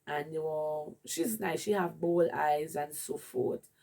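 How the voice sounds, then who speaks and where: A woman's voice: low voice, slow, vocal fry, warm tone. A woman with a Jamaican accent candidly telling a rambling personal story in a vlog. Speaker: vlogger.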